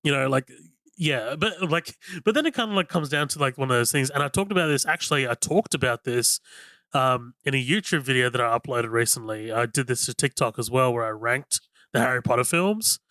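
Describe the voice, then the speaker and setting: Rambling, enthusiastic man with a bright voice. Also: medium pitch, animated, brisk, no echo. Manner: rambling and enthusiastic, heavy on "like" and swearing. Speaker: podcast co-host. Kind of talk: casual film-review chat.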